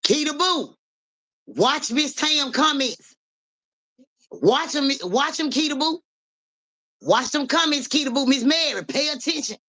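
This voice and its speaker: Sharp-voiced woman reader talking street slang. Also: high voice, expressive, unhurried, pauses often. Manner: profane street slang, keeps asking "you hear me"; calls out viewers by name. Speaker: livestream psychic reader. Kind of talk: casual livestream talk.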